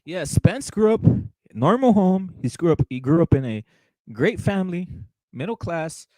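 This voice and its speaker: This man's voice is high-pitched and sing-song, darkish in tone, at normal speed. Hosting a boxing show, he rants casually on a livestream, swearing, repeating himself heatedly, and saying "brother" again and again. The audio is poor with no room sound.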